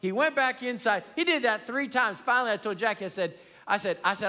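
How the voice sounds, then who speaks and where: Male pastor, high lively voice, animated storytelling sermon. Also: moderate pace. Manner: storytelling with humor, animated and emphatic. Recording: long reverb of a large hall.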